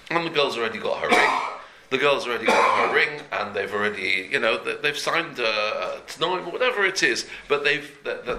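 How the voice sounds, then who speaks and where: A man's voice: mid-range voice, bright, forceful tone. A man teaching a daily Jewish law class in an earnest, conversational way, repeating and rephrasing each point as he explains it. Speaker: Torah teacher. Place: room before a talk.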